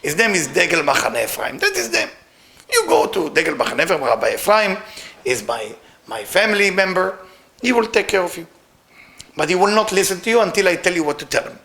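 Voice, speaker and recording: Animated male Kabbalah teacher in broken English, fairly high voice with lively swings. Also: fairly quick, vocal fry. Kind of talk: storytelling lesson.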